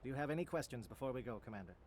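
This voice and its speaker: A man voicing a stern, formal alien military captain in a video game, giving a solemn, measured briefing. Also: medium pitch, expressive, noisy background, close to an everyday voice. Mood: grave.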